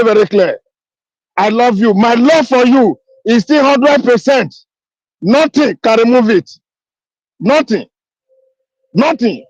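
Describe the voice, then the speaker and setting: A woman's voice: a little high, darkish tone, no echo, highs cut off. A woman, speaking emphatically in a live audio chat, repeating herself and pleading. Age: 50s. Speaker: caller on an audio space.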